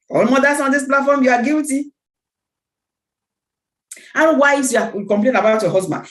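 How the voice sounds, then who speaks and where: A woman's voice: sits high, animated, normal speed, roomy sound, rough recording. A woman speaking at a team meeting, giving an emphatic motivational talk with repeated phrases and a preacher-like cadence. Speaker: network marketing team speaker.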